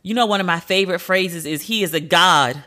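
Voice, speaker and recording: A woman hosting a podcast, talking casually and bluntly with profanity, her pitch leaping up for emphasis. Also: brisk, pushed and bright. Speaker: podcast host.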